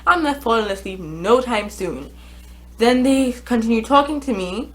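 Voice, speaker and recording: A woman's voice: mid-range voice, low-quality recording. A woman vlogger telling a casual storytime, chatty, with many fillers and restarts.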